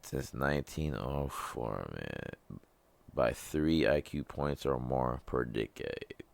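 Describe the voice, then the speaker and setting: A man with an extremely deep, gravelly voice rambles through a casual solo rant, loose and joking, cursing freely. The sound is dry and close, with no room around it. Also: expressive, takes it slowly, no room sound. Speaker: podcast host.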